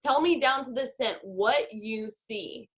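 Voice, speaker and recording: A woman's voice: on the high side, takes it slowly, a bit bright. Upbeat young woman on a Zoom call. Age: 20s. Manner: upbeat, guides a visualization. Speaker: network marketing team leader. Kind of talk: motivational Zoom call talk. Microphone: video call.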